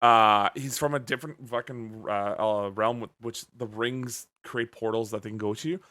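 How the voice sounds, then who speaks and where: A man hosting a casual podcast, talking in an animated, jokey way and swearing freely. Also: mid-range voice, moderate pace. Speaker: podcast host.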